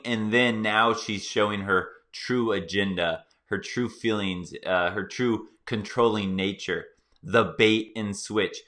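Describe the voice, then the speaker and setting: A male host giving excited, playful reaction commentary on a clip, talking straight to his viewers. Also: on the low side.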